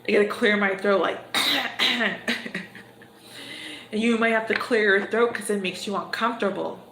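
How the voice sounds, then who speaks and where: A woman gives a livestream tarot reading at an unhurried, drawn-out pace. She talks conversationally and chuckles between cards. Her voice rings in an echoey room, with steady noise in the background. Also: mid-range voice. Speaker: tarot reader.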